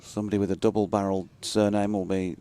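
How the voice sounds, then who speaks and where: A man with a low voice banters from a cricket commentary box. His humour is dry and wry, and he talks at an unhurried, chatty pace. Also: little pitch movement, dark tone.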